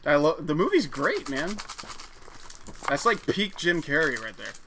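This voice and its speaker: A man's voice: on the high side, big pitch swings, a little slow, bright, forceful tone, slight background noise. A man co-hosting a live stream, chatting in a casual, rambling, enthusiastic way. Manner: enthusiastic, rambling, loose with fillers. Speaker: stream co-host.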